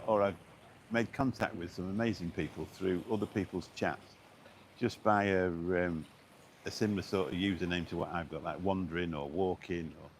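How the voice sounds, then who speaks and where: Deep-voiced rambling man outdoors. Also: a little hiss or hum. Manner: rambling, chatty, many fillers and restarts. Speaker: vlogger live-streaming. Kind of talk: casual live-stream chat. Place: outdoors on a beach walk.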